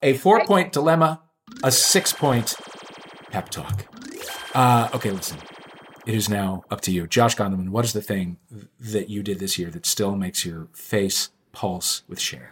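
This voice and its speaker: Male comedy host, lower register, teasing, mock-grand delivery. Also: fairly even intonation, moderate pace, fairly bright tone. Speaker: game show host. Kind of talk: comedic podcast hosting.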